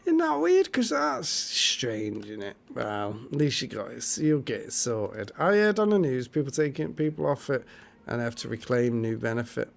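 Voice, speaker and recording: A man's voice: mid-range voice, very animated, normal speed, gravelly. A man co-hosting a casual livestream, chatting with viewers in a jokey way and reading out their comments. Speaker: livestream co-host. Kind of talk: casual live chat with viewers.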